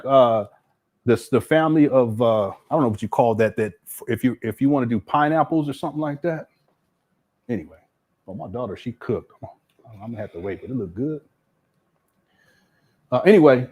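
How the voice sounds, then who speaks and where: A man's voice: mid-range voice, a little mellow. A middle-aged man hosting casual reaction commentary, laughing often and mocking what he plays. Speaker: commentary host.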